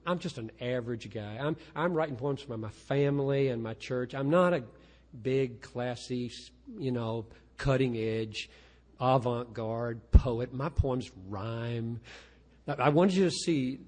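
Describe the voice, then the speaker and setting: Speaking as a pastor, this older man lectures and reads poetry, talking about his craft frankly and with self-mockery while tripping over restarts. A long hall echo follows every phrase of his mid-range voice, which sounds a bit husky and a little mellow.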